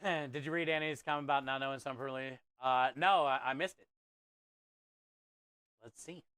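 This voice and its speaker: A man's voice: medium pitch, fairly even intonation, moderate pace, pushed and bright, smooth, no echo. A man hosting a live cooking stream, chatting casually and reading viewer comments aloud in a friendly, laid-back way. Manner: friendly, chatty, addresses viewers as bro and dude. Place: kitchen or food truck.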